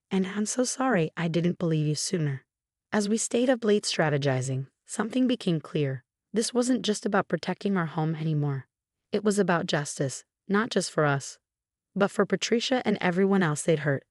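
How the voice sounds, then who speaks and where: A woman narrating a first-person family drama story in an even, measured storytelling manner. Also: lowish voice, no echo, studio quality.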